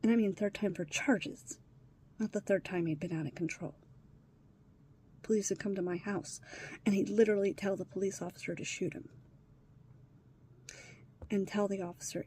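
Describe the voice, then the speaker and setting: A woman's voice: medium pitch, fairly even intonation, normal speed, pauses often, dark tone, breathy edge. A woman talking to her phone on a hard day, upset, sighing and swearing, often dropping to a whisper. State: distressed. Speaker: vlogger. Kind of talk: emotional personal vlog.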